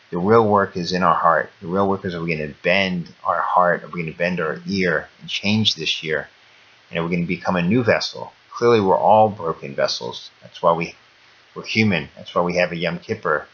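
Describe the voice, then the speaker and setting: A man's voice: low voice, sharp tone, slightly rough, muffled recording. A man giving a short holiday sermon, telling a parable and repeating phrases for emphasis. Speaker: religious speaker.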